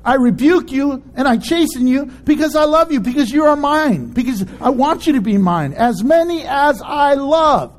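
Male pastor, sermon; high voice that swoops all over, animated and playful, laughs often. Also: moderate pace, hardly any pauses.

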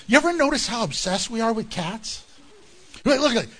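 A man preaching a sermon in an animated, conversational way, with jokes and asides to the congregation. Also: extremely high pitch, moderate pace. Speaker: pastor.

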